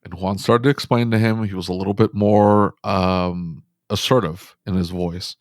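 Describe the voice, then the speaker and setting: Emphatic man, low register, dry close mic, quick bursts, shop-owner guest. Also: no echo. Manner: animated, emphatic, talks fast in bursts. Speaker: auto repair shop owner, podcast guest. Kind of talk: casual storytelling conversation.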